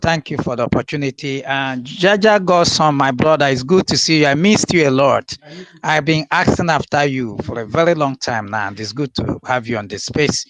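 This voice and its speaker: A man's voice: mid-range voice, normal speed, a bit bright, no echo. A man in an online audio room, friendly, greeting people by name one after another.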